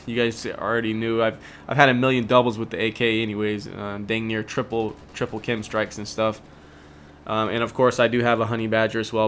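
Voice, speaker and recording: A young man giving relaxed, chatty gameplay commentary, full of ums and self-corrections. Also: medium pitch.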